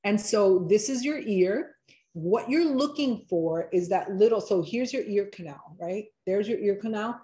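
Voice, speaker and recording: A woman hosts a live online wellness workshop, guiding her viewers through relaxation exercises one step at a time. She talks in a chatty, encouraging way and slows down when she gives instructions. Her voice sits at an ordinary middle pitch. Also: animated, dark tone.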